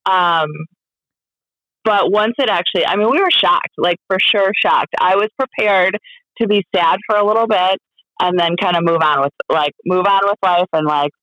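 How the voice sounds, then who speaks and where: A woman speaking as an interview guest, candid and halting, full of fillers and restarts, laughing now and then. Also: fairly low pitch, fairly bright tone, no room sound, highs cut off. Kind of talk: casual interview chat.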